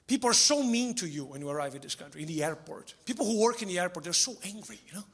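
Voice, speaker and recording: A man doing stand-up comedy, deadpan and chuckling at his own jokes, on a stage mic. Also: high voice, quick pace, few pauses. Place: theater stage before a live audience. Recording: live show with crowd laughter. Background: audience laughter.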